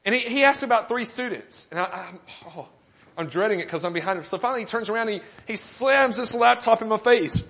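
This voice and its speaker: A male pastor preaching with a slightly higher-than-average voice. He tells a funny story with self-deprecating humor and acts out the other people's lines with animation. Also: expressive, fairly quick, fairly bright tone. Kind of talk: sermon.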